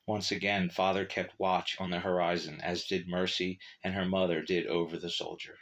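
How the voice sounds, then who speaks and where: A man narrating a short story in a measured, steady reading. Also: low voice.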